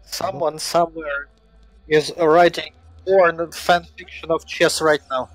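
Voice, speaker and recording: Man with a higher voice, joking asides. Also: fairly even intonation, slow pace, a bit bright, dry recording, rough recording. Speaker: co-commentator. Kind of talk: casual gameplay chat.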